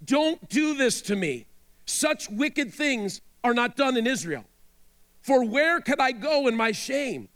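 A man's voice: very high voice, very animated, takes it slowly, a bit bright, full character voice. A man reading the part of a distraught young princess, delivering her lines in an emotional, pleading way.

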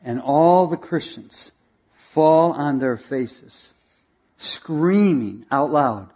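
A male preacher tells a story in a sermon, building drama as he goes. His voice sits slightly high, and he calls out for slides along the way. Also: drawn-out words. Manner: animated, dramatic storyteller who directs slides.

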